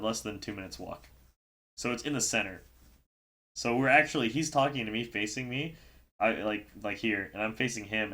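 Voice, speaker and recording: A man's voice: lowish voice, pushed and bright. A man casually telling a story on a livestream, rambling with lots of fillers and breaking into laughter. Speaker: stream host recapping a tournament.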